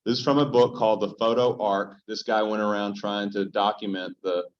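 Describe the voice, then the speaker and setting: A man teaching a Bible study as pastor, joking and animated as he tells stories and puts questions straight to the small group in front of him. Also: fairly low pitch, brisk. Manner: joking, animated storyteller who addresses the group directly. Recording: dull, lo-fi sound.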